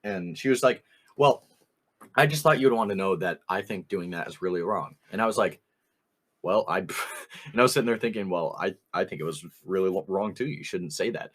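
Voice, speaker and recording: Low husky young man telling a story. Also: expressive, brisk, a bit bright. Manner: rambling anecdote, quoting others with "I was like", frequent laughs. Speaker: podcast co-host. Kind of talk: casual storytelling chat.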